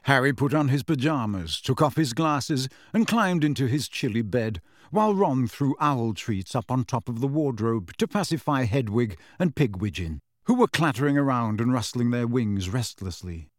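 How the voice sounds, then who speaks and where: A man narrating a storybook with steady, expressive delivery. His pitch is mid-range but rises and falls with lively shape, and the recording is dry and close. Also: normal speed, hardly any pauses, dry recording. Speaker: audiobook narrator. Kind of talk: scripted narration.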